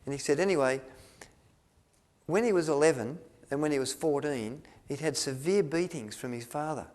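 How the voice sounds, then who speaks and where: A man tells a story to an audience. He rambles, restarts his sentences often and fills pauses with ums. He acts out the lines he quotes. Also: on the high side, darkish tone. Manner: rambling, with many restarts and fillers, acting out quotes. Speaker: speaker at a health retreat.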